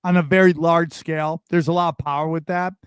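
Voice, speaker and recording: A man with a fairly high voice rambles through a casual podcast chat, tossing in dude and bro as he goes. The mic is close and dry, with no room sound. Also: brisk, clean tone, no room sound. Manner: rambling, animated, calls listener dude and bro. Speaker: podcast guest comedian.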